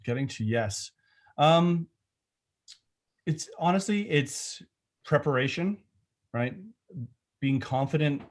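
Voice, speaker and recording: A man's voice: on the high side, slow pace, long pauses. A middle-aged man, a film director, talking in a casual remote interview, thoughtful and rambling with many restarts.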